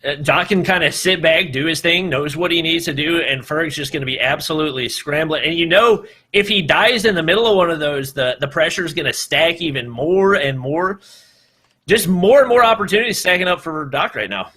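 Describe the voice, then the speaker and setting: Male esports caster, slightly high, bright tone; relaxed explainer of gameplay. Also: fairly quick. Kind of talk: live esports commentary.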